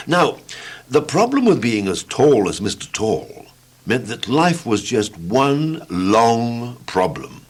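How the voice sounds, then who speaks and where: Expressive children's storybook narrator, husky, wildly animated pitch. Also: male voice. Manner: playful, expressive, slowing for effect.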